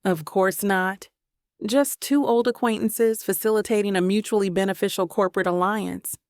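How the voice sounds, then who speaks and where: A woman's voice: mid-range voice, fairly even intonation, moderate pace, darkish tone, no echo, studio quality, lightly acted. A woman voicing a confident, teasing male businessman in an audiobook, speaking with amused self-assurance. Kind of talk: audiobook narration.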